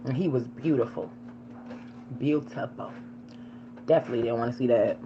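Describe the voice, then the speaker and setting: A woman casually telling a story while she eats on camera, animated and swearing freely, sometimes shrieking the words she yelled. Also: very deep voice, normal speed, dull audio, noisy background. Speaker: vlogger.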